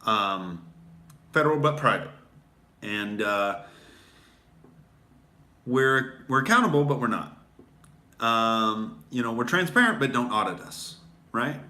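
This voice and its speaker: A man's voice: mid-range voice, animated, takes it slowly, long pauses, bright, forceful tone, roomy sound. A male comedian hosting a livestream, talking in a sarcastic, rambling monologue full of fillers.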